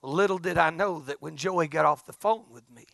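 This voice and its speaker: High, gravelly preacher man. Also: normal speed, no echo, clean studio sound. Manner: folksy, swings from hushed to loud. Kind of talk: storytelling sermon.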